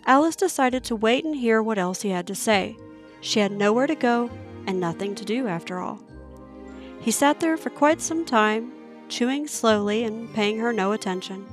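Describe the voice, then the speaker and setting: A woman narrating a children's storybook with a measured, expressive delivery. Her voice is somewhat high, and soft music plays faintly behind her. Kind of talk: storybook reading.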